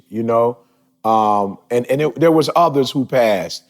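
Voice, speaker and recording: A man in his forties hosting a podcast, talking casually and emphatically, his voice building toward shouts. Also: mid-range voice, lively intonation, moderate pace. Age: 40s. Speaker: podcast host.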